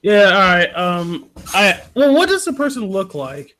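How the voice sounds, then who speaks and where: A man's voice: sits high, very animated, unhurried, sharp tone. A man playing in a tabletop game, casual and hesitant, with many ums and restarts. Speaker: player.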